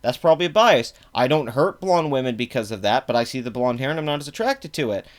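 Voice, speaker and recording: A man's voice: mid-range voice, animated. A young man hosting a reaction video, ranting angrily and profanely about a clip, with frequent fillers. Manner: angry, profane, fast-talking rant with frequent fillers. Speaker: political commentary video host. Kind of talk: reaction rant.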